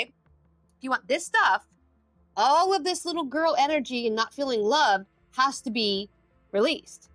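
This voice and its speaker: A woman guest on a podcast, an addiction recovery expert, telling stories in a casual, animated way, acting out her own thoughts and swearing freely. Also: high voice, no echo.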